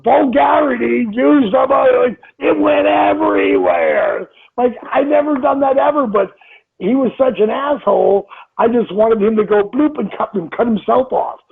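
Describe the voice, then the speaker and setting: A man in his fifties, an interview guest telling stories in a casual, animated way, acting out quotes and swearing freely. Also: very high voice, creaky, husky. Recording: tinny phone-line audio.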